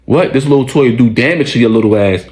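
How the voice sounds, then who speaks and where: A man's voice: mid-range voice, quick pace, darkish tone, natural voice. A man doing a hostile jealous young man. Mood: threatening. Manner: cursing, threatening.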